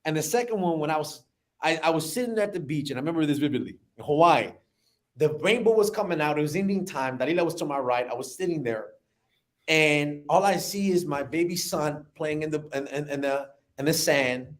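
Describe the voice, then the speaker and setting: High-voiced man telling his story. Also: brisk. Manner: animated, repeats words when emotional. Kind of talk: emotional personal storytelling.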